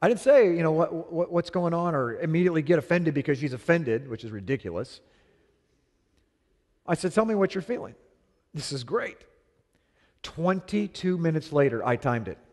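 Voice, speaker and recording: A middle-aged man preaching to a congregation, with a fairly high voice for a man. He tells stories in an animated way and acts out both sides of an argument. His voice rings with the long reverb of a large hall. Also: moderate pace, long pauses. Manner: animated storytelling, acting out both sides of a quarrel. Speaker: pastor. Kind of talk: sermon.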